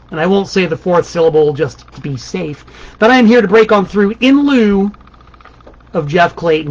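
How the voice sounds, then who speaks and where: A man with a high voice hosts a live stream from his desk, playful and mock-grandiose as he rambles through asides. He comes through a dull, lo-fi webcam recording. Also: animated, moderate pace. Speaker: guest host of a band's live stream. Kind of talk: casual comic monologue. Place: home desk.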